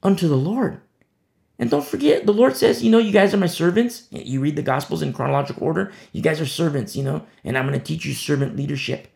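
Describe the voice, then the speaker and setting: Gravelly, impassioned male preacher. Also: fairly high pitch, animated, quick pace. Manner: impassioned, repeats words for emphasis, swings between loud and hushed. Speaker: pastor. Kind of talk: expository sermon.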